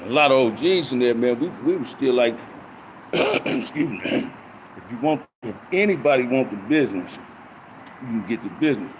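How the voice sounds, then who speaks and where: Older man, street slang, storytelling, outdoor traffic noise, mid pitch. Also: moderate pace. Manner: street slang, animated retelling of fights. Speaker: storyteller recounting prison life. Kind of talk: casual storytelling monologue.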